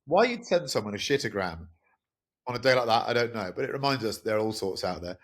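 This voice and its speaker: A man's voice: on the low side, animated, quick pace, fairly bright tone. A middle-aged man hosting a podcast, telling a personal story in a candid, rambling, wry way. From England. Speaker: podcast host. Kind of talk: casual podcast monologue.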